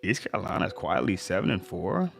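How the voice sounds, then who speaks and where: A relaxed man hosting a casual livestream, working through one score after another and tossing in quick slangy reactions. His voice sits fairly low, and soft music plays faintly underneath. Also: vocal fry. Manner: laid-back, reacts to scores with slang asides. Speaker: sports livestream host.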